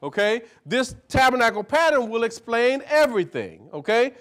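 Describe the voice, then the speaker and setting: A man's voice: very high voice, very animated, moderate pace, fairly bright tone. A man preaching live to a small group. He teaches from scripture in a folksy way, keeps checking in with "see?" and "right?", and repeats key words in rhythmic runs. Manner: leads a reader through verses, echoing each phrase.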